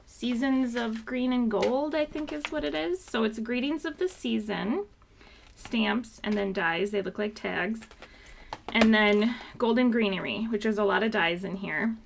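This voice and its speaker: A woman's voice: fairly high pitch, a little slow, creaky, a little hiss or hum. A woman hosting a live card-making class, chatting casually and showing each sample card. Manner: chatty, upbeat, loose with fillers. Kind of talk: live craft class walkthrough.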